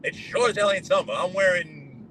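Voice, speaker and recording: A man's voice: sits high, normal speed, a bit bright, low-quality recording. Chatty New man driving. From New York. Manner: chatty, greets viewers by name, rambling. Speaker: live-streaming driver. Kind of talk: casual live-stream chat while driving. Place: inside a car on the road. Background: road and traffic noise.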